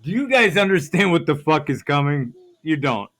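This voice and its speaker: A man's voice: on the high side, very animated, normal speed, a bit bright, a little hiss or hum. A man vlogging in a grocery store, ranting in a conspiratorial way and asking "see how that works" over and over. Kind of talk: ranting shopping vlog.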